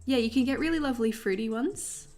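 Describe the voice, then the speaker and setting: A woman's voice: a little high, fast talker, a little mellow. A young Australian woman hosting a journaling livestream, chatting casually with viewers while she paints, laughing often.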